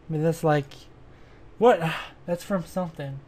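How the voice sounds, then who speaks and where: A man's voice: on the high side, a little slow, darkish tone. Rambling self-deprecating gamer guy. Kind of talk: casual let's-play commentary.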